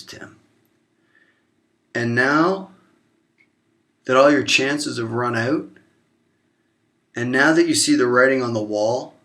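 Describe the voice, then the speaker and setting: A man delivering an emotional, confrontational monologue to camera, swearing openly and swinging between low murmurs and raised outbursts. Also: pushed and bright. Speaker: vlogger.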